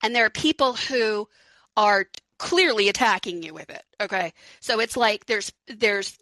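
A woman's voice: mid-range voice, moderate pace, sharp tone, no echo, low-quality recording. A woman hosting a live call-in podcast, talking frankly and chattily, laughing often and swearing casually. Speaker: podcast host.

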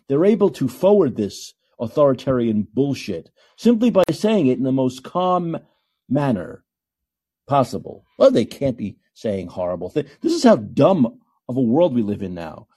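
A man's voice: on the high side, mellow, breathy edge. A man hosting a call-in podcast, ranting emphatically and repeating himself for effect. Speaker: podcast host.

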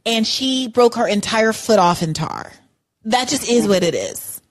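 High-pitched woman ranting on a podcast, super expressive, keeps saying like. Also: measured pace. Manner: opinionated, emphatic, lots of "like" and "I'm sorry". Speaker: podcast co-host. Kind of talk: casual chat. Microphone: podcast mic.

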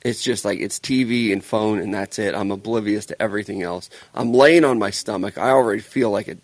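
A man's voice: lowish voice, a little fast, no room sound. Thirty-something guy on a podcast, joking around and cussing, dry close mic. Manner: joking, storytelling, swears freely. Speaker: podcast co-host. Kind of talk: casual podcast banter.

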